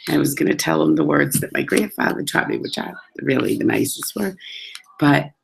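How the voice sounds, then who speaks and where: A woman's voice: sits low, expressive, fairly quick, gravelly, slight background noise, rough recording. A woman telling travel stories in a chatty, casual way, acting out the voices she quotes. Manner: chatty, acts out quoted voices, laughs often. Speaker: travel storyteller. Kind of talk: casual storytelling.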